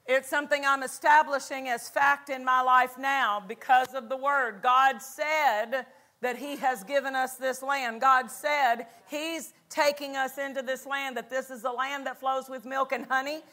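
A woman's voice: high-pitched, fairly even intonation, unhurried, pushed and bright. A woman pastor preaching a fervent sermon at a conference, repeating lines and calling out for an amen. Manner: fervent, repetitive, call-and-response. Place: church conference hall.

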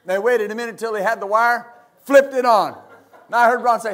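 A middle-aged pastor from West Texas, preaching a fervent sermon full of amens and hallelujahs. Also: male voice, extremely high pitch, fairly even intonation, a little fast, a bit bright.

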